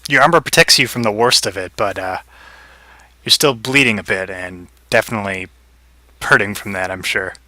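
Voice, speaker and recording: A man's voice: lowish voice, normal speed, sharp tone, no echo. A man narrating as game master in a tabletop game, easygoing and hesitant, with many fillers.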